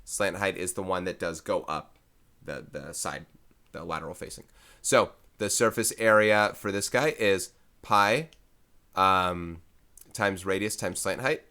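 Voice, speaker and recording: A man's voice: low voice, vocal fry, sharp tone. A man teaching a recorded math lesson in a casual way, thinking aloud and correcting himself as he works through problems.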